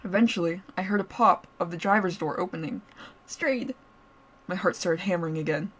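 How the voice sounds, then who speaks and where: With a fairly low, slightly rough voice at normal speed, a woman streamer reads a story to her viewers. She reacts live, giggling and pausing to joke with her chat in a playful mood.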